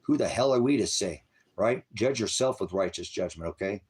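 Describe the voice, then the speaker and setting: A man's voice: on the low side, expressive, moderate pace, darkish tone, slightly rough. A man preaching on a livestream, talking in a profane, aggressive, rambling rant and addressing his chat viewers. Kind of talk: angry rambling livestream talk.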